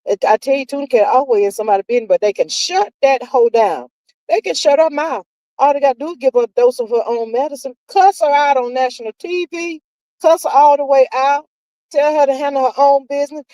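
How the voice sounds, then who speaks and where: Lady live streaming gossip, high voice, warm and mellow, sassy drawl, child and honey every line. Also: fairly quick, no room sound, rough recording. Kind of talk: casual gossip chat reading viewer comments.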